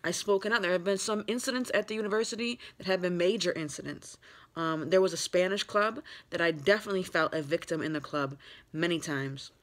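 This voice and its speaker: A woman's voice: on the low side, a little fast, fairly bright tone. An upset, tearful woman in her thirties venting in a rambling vlog, full of fillers and restarts. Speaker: vlogger. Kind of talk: emotional personal vlog.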